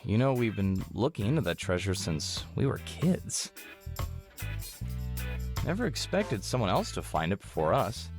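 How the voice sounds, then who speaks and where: A very low-voiced, easygoing woman in a visual novel, drawling her lines with a teasing calm. Her pitch swings widely as she ribs the others, and faint music sits behind her. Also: unhurried, pauses often, heavily acted. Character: laid-back older-sister type, teasing, easygoing.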